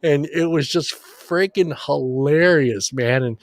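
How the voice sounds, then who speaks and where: A man's voice: on the high side, takes it slowly, no room sound. A man co-hosting a casual sports chat show, telling long rambling stories and swearing casually. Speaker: podcast co-host.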